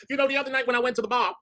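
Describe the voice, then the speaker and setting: A man's voice: very high voice, fairly even intonation, racing, pushed and bright. A man streaming live, telling brash, profane stories and chasing donation goals. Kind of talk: casual stream chat.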